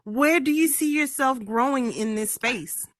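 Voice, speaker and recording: Encouraging higher-voiced woman interviewer. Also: measured pace, no echo, clean studio sound. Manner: encouraging, affirming. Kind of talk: casual interview chat.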